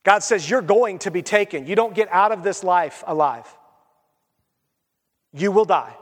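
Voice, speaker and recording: High-voiced pastor preaching in a hall. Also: male voice, a little slow. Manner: animated storytelling, scripture reading, hushed appeals. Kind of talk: sermon. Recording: hall reverb.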